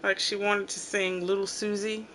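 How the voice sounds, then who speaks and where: A middle-aged woman hosting a home channel, telling family stories in casual chat and acting out the quotes loudly. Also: mid-range voice, moderate pace, slight background noise. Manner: animated storyteller, acts out quotes loudly. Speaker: channel host.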